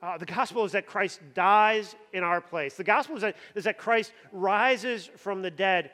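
A man's voice: high-pitched, normal speed, bright, forceful tone. A man preaching a sermon with emphasis, often repeating words as he builds up. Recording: long hall reverb.

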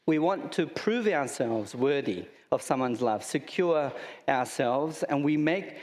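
A man's voice: on the high side, expressive, measured pace, darkish tone, big-room sound. A man with an Australian accent preaching a sermon in a conversational way, with rhetorical questions and humorous asides. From Sydney, Australia. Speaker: pastor.

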